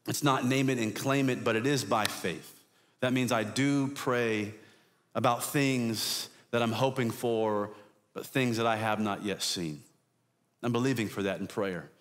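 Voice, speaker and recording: A man preaching a conversational sermon as a guest pastor, swinging between loud emphatic peaks and quiet low asides.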